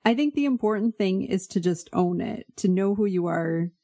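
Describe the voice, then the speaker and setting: A woman's voice: medium pitch, lively intonation, normal speed, mellow. A woman co-hosting a podcast, talking earnestly and giving advice in casual chat. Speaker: podcast co-host.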